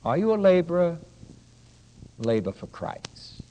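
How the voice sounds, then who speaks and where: Older male pastor, high lively preaching. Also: measured pace, slight background noise, rough recording. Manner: swings from hushed to loud preaching; asks the congregation questions. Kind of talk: sermon.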